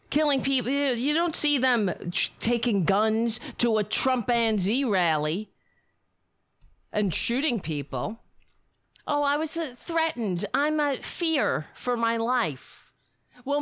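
A woman host giving political commentary, taking her time over each phrase while her pitch swings widely. She sounds sarcastic and indignant and swears freely, and her voice sits dry and close to the mic. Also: no room sound. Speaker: show host.

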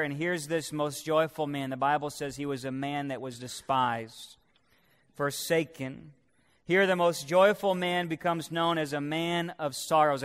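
A man preaching a sermon with passion, swinging between loud declarations and hushed, quiet passages, and calling on the congregation to repeat after him. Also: a little high, clear, resonant tone. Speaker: pastor. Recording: long reverb of a large hall.

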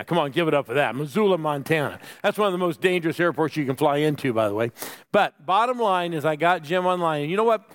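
A man's voice: a little high, clear, resonant tone. A man preaching a sermon with lots of energy, calling on the congregation to answer back and sometimes dropping to a whisper for emphasis. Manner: calls for audience responses. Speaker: pastor.

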